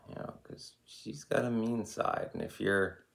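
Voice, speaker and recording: A man's voice: fairly low pitch, a little slow, gravelly, fairly bright tone. An American man in his thirties hosting an occult channel, giving a rambling, opinionated spiritual monologue full of "you know.".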